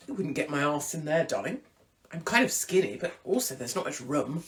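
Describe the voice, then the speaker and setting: A woman hosting a casual live-stream chat, irreverent and theatrical, breaking into sudden high exclamations. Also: big pitch swings, a little fast. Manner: swings into big high exclamations. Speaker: host.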